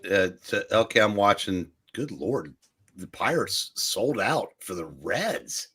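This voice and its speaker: A man chatting casually on a live stream, ranting in an animated, exasperated way like a frustrated sports fan. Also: lowish voice, slow, breathy edge.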